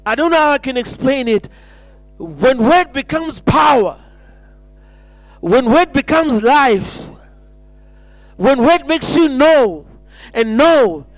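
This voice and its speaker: A man's voice: very high voice, no room sound. A man preaching an impassioned sermon, repeating phrases and stumbling into restarts.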